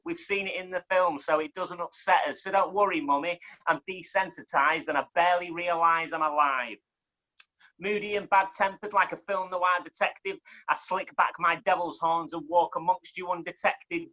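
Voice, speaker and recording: Mancunian guy, bright sharp voice, rattles off sweary wordplay poems, kinda dull lo-fi sound. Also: sits high. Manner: fast, punchy delivery with swearing and wordplay. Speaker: guest poet. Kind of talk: performance poetry and casual chat.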